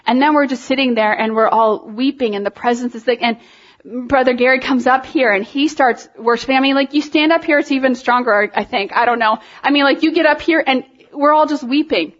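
A high-voiced woman leads worship and tells her congregation a story in a sermon-style testimony. She talks in a lively, animated way and laughs often, and her voice climbs higher as she is moved. The recording is dull and lo-fi. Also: a little fast. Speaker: worship leader.

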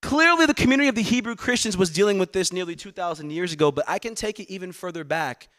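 Bright-voiced man preaching a sermon. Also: high voice, animated, fast talker. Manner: earnest, repeats words when pressing a point. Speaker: pastor. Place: church sanctuary.

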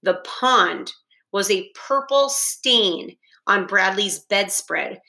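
Woman reading a kids' book out loud, really slow, bright clear voice. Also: medium pitch, expressive. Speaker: reader. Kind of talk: reading a children's novel aloud.

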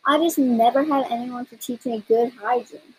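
A woman's voice: on the high side, moderate pace, a little hiss or hum, natural voice, low-quality recording. A woman voicing a big, smelly, weepy male dinosaur who whines and blubbers in a storybook reading. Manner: whiny, blubbering.

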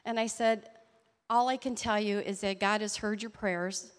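A woman's voice: medium pitch, steady tone, smooth, long reverb tail. Earnest woman telling a testimony. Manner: earnest, halting storytelling with restarts and soft laughs. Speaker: church member sharing a testimony. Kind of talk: personal testimony story. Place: church hall.

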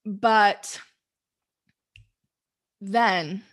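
A woman's voice: medium pitch, very slow, a bit bright. A young woman telling a candid, rambling story to the camera, flustered and close to tears, swearing freely.

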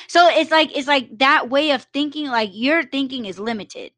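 A woman's voice: high voice, moderate pace, hardly any pauses, fairly bright tone, no room sound. Blunt, profane woman ranting on a podcast. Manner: blunt, profane, emphatic rant with many fillers. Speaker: podcast host. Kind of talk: solo live podcast monologue.

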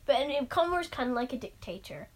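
Sex: woman. Role: podcast co-host. Style: casual, rambling chat. Pitch: slightly high. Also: very animated, fast. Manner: chatty, rambling, with many restarts and fillers. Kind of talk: casual chat reviewing a game.

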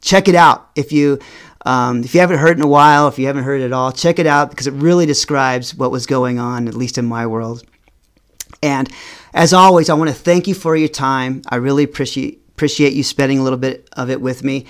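A middle-aged man vlogging, telling a personal story to camera in an animated way, slowing down for emphasis and often restarting and repeating words. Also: mid-range voice.

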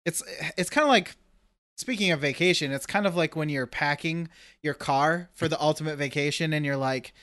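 Casual podcast co-host, man, lively storyteller, dry close sound. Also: fairly high pitch, moderate pace, dry recording. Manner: animated storyteller, acts out his own reactions.

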